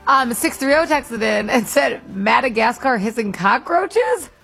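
A female radio co-host reading listener texts with a giggle in her voice. Her voice is high and swoops around a lot. A faint music bed plays behind. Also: lively intonation, measured pace, vocal fry, a bit bright, husky. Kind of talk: morning radio banter. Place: radio studio.

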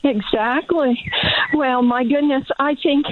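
A woman's voice: sits high, fairly even intonation, dry recording. Breathless woman caller on a tinny phone line. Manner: hesitant, many fillers and pauses. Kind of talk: call-in radio talk.

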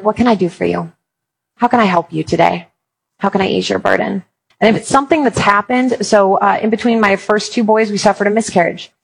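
A woman giving a conversational faith talk on raising kids, with humorous storytelling and lively quoting of her own past words. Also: medium pitch, slightly rough, low-quality recording. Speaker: speaker on Christian parenting.

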